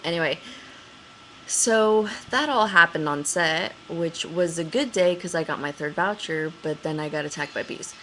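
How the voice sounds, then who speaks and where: A young woman chats straight to the camera, piling on fillers and jumping up high whenever she replays her own panic. Her voice sits a little low for a woman, with a faint hiss of noise behind it. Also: normal speed, low-quality recording. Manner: chatty, excitable, many fillers, acts out her own panicked quotes in a higher voice. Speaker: vlogger. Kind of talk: casual storytelling to camera.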